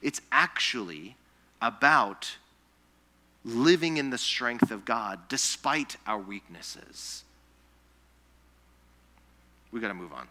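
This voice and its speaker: A man preaching a sermon, telling scripture stories in an animated way, acting out the people he quotes, and dropping soft and slow when he reads the verses. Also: mid-range voice. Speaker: pastor. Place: church sanctuary.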